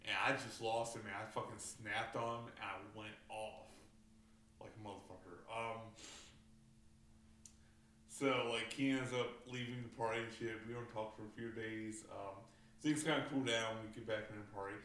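A man's voice: on the low side, fairly even intonation, normal speed, a bit bright, slight background noise. Man swearing through a gaming story. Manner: profane, storytelling, frequent fillers. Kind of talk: casual gaming chat. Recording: roomy, distant mic, faint ambience.

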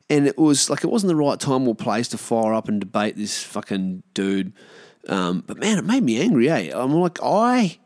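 A man's voice: medium pitch, very animated, normal speed, a little mellow, no room sound, studio quality. An Australian man hosting a solo podcast, ranting in a blunt, sweary, frustrated way. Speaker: podcast host.

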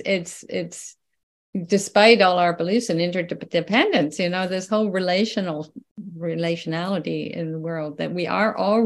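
An older woman talking as an interview guest, in a lively, casual way, laughing often and restarting her sentences. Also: on the low side. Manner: animated, laughs often, many restarts and fillers. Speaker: guest, researcher.

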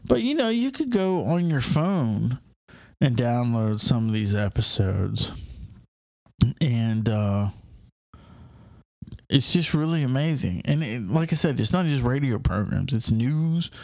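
A man with a gravelly, mid-pitched voice rambles enthusiastically, stopping and restarting as he talks. The sound is close and dry, with no room echo. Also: big pitch swings, takes it slowly, pauses often, darkish tone. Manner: hesitant, many fillers and restarts, enthusiastic. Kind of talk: casual rambling monologue.

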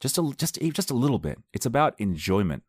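A man's voice: mid-range voice, sing-song, fairly quick, dry recording, studio quality. A man chatting casually to his viewers, rambling through a story, repeating words and laughing easily. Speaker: vlogger.

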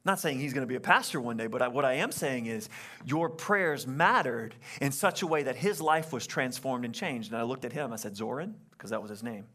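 A young adult man, a pastor, telling a story in a sermon in an animated way and acting out the quotes. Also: mid-range voice, fairly quick.

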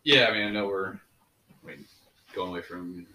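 A man from Cleveland chatting casually about sports with friends in a quick, talkative way. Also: sits low, bright, forceful tone. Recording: echoey room.

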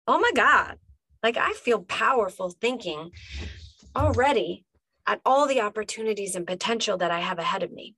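A woman's voice: mid-range voice, vocal fry, fairly bright tone, no room sound. A woman life coach giving a motivational podcast monologue, emphatic and talking straight to the listener, repeating punchy phrases.

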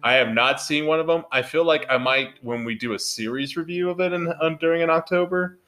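A man's voice: on the high side, fairly quick, bright, forceful tone, soft background music. A man co-hosting a casual movie podcast, talking in an upbeat, rambling way full of fillers. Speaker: podcast co-host.

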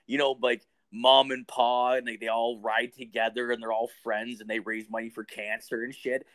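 A man's voice: medium pitch, level tone, normal speed, a bit bright. Profane rambling man telling a story. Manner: profane, rambling, lots of "like" and "dude". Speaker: podcast co-host. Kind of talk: crude casual storytelling.

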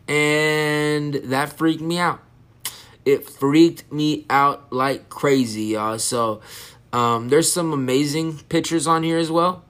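A man hosting a casual solo podcast, rambling and excitable while high, jumping off topic. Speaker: podcast host.

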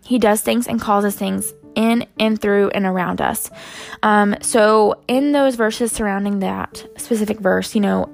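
A young woman talks through a devotional in a relaxed, rambling way, full of "um"s and friendly asides to her viewers. Her voice has a gravelly, fry-tinged edge, and soft music plays faintly behind her. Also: medium pitch, a little slow. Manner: rambling, many "um"s and "you guys". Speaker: Christian vlogger sharing a devotional. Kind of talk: casual devotional talk.

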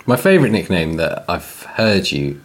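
A man's voice: low-pitched, moderate pace. A man co-hosting a podcast, telling stories in casual banter and laughing often. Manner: jokey, laughs often, lively storytelling. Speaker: podcast co-host.

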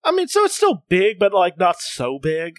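A man's voice: high-pitched, wildly swooping pitch, normal speed, dry recording. A man co-hosting a casual comics podcast. He reads passages aloud, laughs a lot and often restarts his sentences. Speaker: podcast co-host.

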